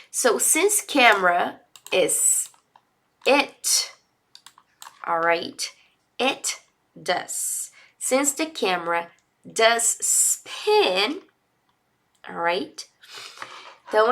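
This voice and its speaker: A woman's voice: on the high side, a bit bright. A woman with a Brazilian accent teaching English in a live lesson, explaining patiently step by step and switching into Portuguese.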